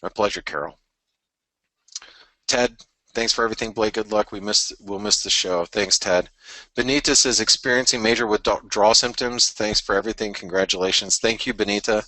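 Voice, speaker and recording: Man hosting, bright voice, dry sound. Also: lowish voice, dry recording, poor audio. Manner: casual, halting, with fillers and chuckles. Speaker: trading webinar host. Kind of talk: reading listener messages aloud.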